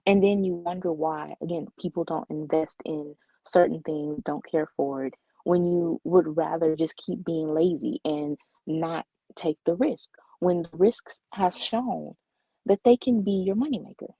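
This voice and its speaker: A female co-host speaks slowly and deliberately in a low, husky voice, building measured, opinionated points in a casual comic book chat. Her recording is dull, dry and lo-fi. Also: no echo. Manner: measured, opinionated, frustrated ranting. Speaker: podcast co-host.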